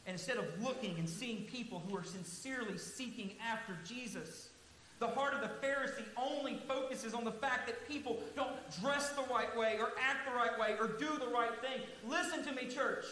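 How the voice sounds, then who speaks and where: In a large church sanctuary, a male pastor preaches mid-sermon in a very high, forceful voice, earnest and emphatic, slowing down to stress key words. The echoey hall carries a faint hiss.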